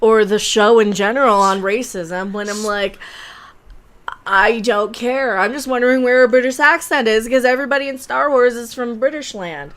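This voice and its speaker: A woman co-hosting a casual reaction chat, sarcastic and animated, laughing often. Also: on the high side, a little fast, hardly any pauses. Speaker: co-host reviewing a show. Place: home room with computers running.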